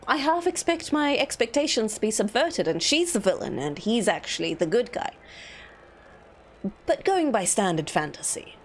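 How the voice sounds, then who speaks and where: A woman's voice: medium pitch, a little hiss or hum. A woman streaming a game, giving chatty, jokey commentary as she plays. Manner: chatty, animated, jokey reactions. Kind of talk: casual gameplay commentary.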